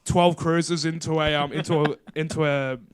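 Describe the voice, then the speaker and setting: A man's voice: on the high side, fairly even intonation, normal speed. A young man on a casual podcast, telling enthusiastic, chatty anecdotes. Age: young adult. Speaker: podcast guest.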